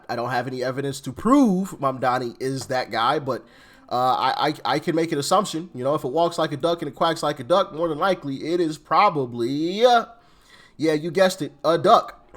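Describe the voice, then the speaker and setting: A man's voice: fairly high pitch, a bit bright. Rambling man giving casual reaction commentary. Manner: rambling, repeats words and restarts, speculative. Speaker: commentary channel host.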